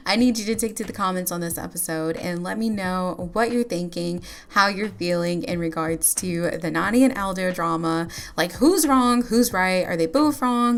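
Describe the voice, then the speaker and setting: A woman's voice: on the low side, moderate pace, hardly any pauses. A woman giving casual gameplay commentary as a YouTuber, chatty and giggly, with lots of filler words.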